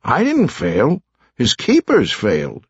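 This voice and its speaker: A fretful young lawyer whines and protests in a raised, strained voice, as a man puts him on. The delivery is lively and insistent. The recording is dry and slightly muffled. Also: mid-range voice, takes it slowly, slightly rough, no echo, pitched above the performer's own voice, heavily acted. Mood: agitated whining. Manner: whining, agitated. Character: anxious whiny young male lawyer.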